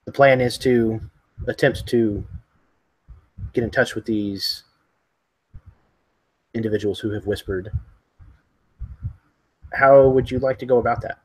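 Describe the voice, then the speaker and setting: A man running a tabletop zombie game as game master, narrating slowly and hesitantly. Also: mid-range voice, fairly even intonation, slightly rough. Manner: slow, descriptive, hesitant.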